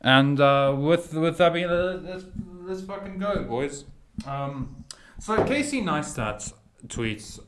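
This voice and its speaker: A man's voice: mid-range voice, lively intonation, slow, fairly bright tone. A young man ranting casually to camera as a YouTube commentator, swearing often and rambling through restarts. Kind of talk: casual profane rant.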